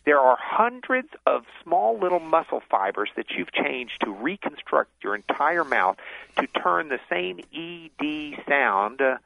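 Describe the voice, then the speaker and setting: Male guest author on a phone-in, gravelly, phone-line sound, talks at length with restarts. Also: a little high, big pitch swings, a little slow, dry recording. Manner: explanatory, many restarts. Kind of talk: radio interview.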